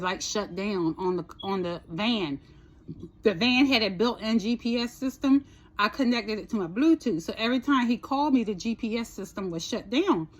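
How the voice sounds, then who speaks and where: A woman vlogger casually telling a personal story, chatty, swearing a little and asking "right?" often. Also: medium pitch.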